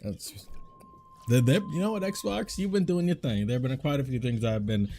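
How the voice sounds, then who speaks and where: A man hosting a casual reaction video, thinking out loud and guessing and second-guessing as he comments into a desk microphone. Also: mid-range voice, moderate pace. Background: faint trailer music.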